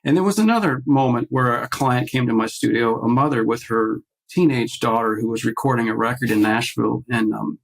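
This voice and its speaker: A man with a brisk, mid-range, vocal-fry voice speaks with few pauses over poor audio. Guesting on a podcast by video call, this artist relates a personal story casually, animatedly acting out what people said, with many restarts.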